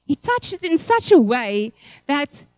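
High-voiced pastor's wife. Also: female voice, very animated, a little slow, a little mellow, dry recording. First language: Afrikaans. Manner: emotional, rambling storytelling. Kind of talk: church testimony.

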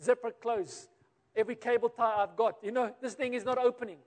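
Man, South African accent, preacher, very high voice, storytelling sermon, long hall reverb. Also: steady tone, brisk. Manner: storytelling with acted-out quotes, builds then drops to quiet.

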